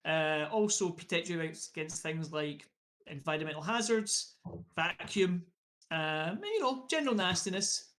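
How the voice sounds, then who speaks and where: A man runs a tabletop role-playing session as game master. He narrates in a relaxed, chatty way, with plenty of ums and small restarts. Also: a little high, normal speed.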